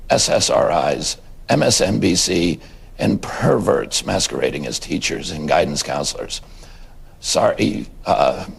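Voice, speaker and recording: AI-made man as a brash male official, raspy gravelly voice, lively swooping pitch, blunt declarations, fake press statement. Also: full character voice.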